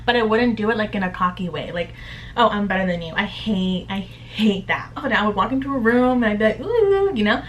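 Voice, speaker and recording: A woman's voice: medium pitch, fairly quick, hardly any pauses, slight background noise, rough recording. Young female vlogger, chatty and candid, mid-range voice, faint home room tone. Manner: chatty, filler-heavy, upbeat and candid. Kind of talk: casual chat to camera.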